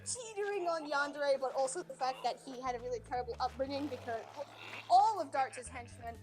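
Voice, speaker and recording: Rambling, foul-mouthed high-voiced woman streamer. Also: fairly quick, over music. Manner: rambling, animated, swears freely. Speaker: livestreamer. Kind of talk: casual chat while streaming a game. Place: home streaming setup.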